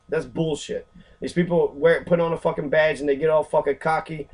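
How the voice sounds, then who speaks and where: Profane ranting man, slightly high voice. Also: fast talker, darkish tone, low-quality recording. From Kentucky. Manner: profane, ranting, many fillers. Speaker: civics vlogger. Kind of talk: angry casual commentary.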